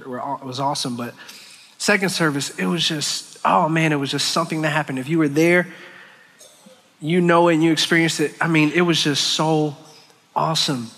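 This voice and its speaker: A man leading worship, giving an earnest, emotional sermon in a church, with halting restarts. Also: fairly high pitch, pushed and bright. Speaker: worship leader. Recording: long church hall reverb.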